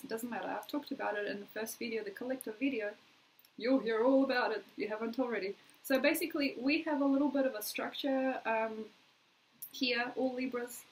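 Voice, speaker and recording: A woman's voice: high voice, poor audio. An Australian woman giving a casual, chatty astrology forecast, playfully acting out little quoted requests.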